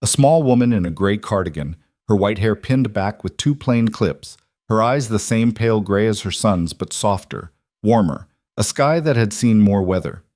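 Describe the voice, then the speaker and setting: A man narrating a scripted romance story in a measured, even way. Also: on the low side, dry recording, studio quality.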